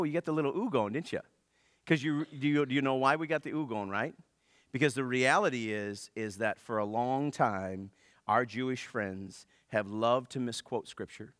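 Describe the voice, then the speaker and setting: Brief: male pastor, conversational joking sermon delivery, bright and forward tone. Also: medium pitch, no echo, clean studio sound. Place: church.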